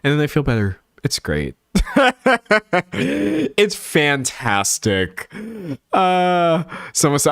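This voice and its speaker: Young guy streamer chatting w his chat, super expressive pitch, dry close sound, laughs a lot. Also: very slow, gravelly, smooth, dry recording. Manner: animated, laughing, slangy, jumps into high voices. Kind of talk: casual chat reading live chat.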